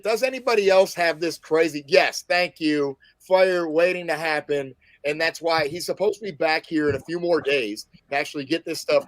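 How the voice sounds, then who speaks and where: A man's voice: a little high, no echo. A man on a podcast telling a long rambling story, swearing freely in casual chat. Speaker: podcast co-host.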